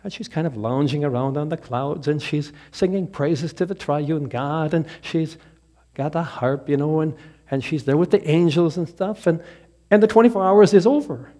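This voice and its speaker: Male pastor, lively storyteller, fairly high voice, sermon. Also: moderate pace. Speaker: Lutheran pastor.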